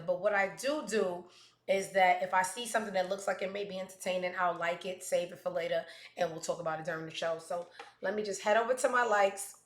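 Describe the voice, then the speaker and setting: A woman's voice: on the low side, fairly bright tone, reverberant. A woman hosting a casual livestream, chatting in a rambling, profane way with plenty of asides. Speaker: host.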